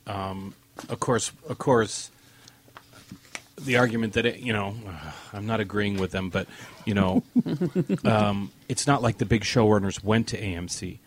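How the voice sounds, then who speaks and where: A man's voice: on the low side, slight background noise. A man co-hosting a casual podcast chat, weighing arguments with many restarts. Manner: hesitant, restarts when arguing a point. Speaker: podcast co-host.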